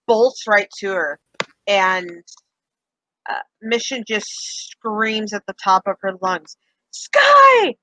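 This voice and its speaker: A woman narrating as game master of a tabletop game, relaxed, with lots of fillers. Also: medium pitch, dry recording, low-quality recording. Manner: relaxed, with many fillers and "kinda".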